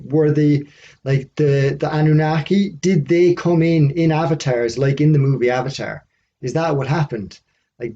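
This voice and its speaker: A man rambles through a casual monologue, piling up musing questions between fillers. His voice is dark and mellow at a middling pitch. The recording is dull and lo-fi. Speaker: video host.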